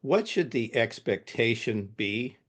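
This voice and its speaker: A man's voice: mid-range voice, expressive, takes it slowly. A man hosting an education podcast who asks his guest questions from the point of view of his listeners. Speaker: podcast host. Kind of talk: interview questions.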